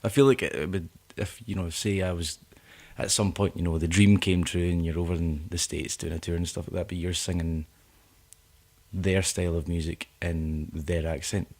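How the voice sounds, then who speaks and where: A man's voice: low-pitched, fairly even intonation, normal speed, darkish tone. A Scottish man with a Scottish accent, a singer-songwriter guest chatting casually in a rambling, laid-back way. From Scotland. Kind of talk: casual chat.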